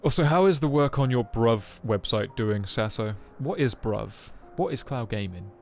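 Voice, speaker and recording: A man's voice: medium pitch, lively intonation, moderate pace, darkish tone. A young adult man streaming a game, chatting casually in a rambling, self-mocking way full of joking asides. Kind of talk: casual live-stream chat. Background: faint game music.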